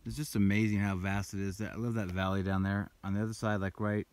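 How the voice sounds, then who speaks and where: Low-voiced man narrating a hike. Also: little pitch movement, a little fast, darkish tone, no echo. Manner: rambling, breathy while climbing, pointing out the route. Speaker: hiker vlogger. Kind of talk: casual trail vlog narration. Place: outdoors on a mountain trail. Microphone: handheld camera while walking.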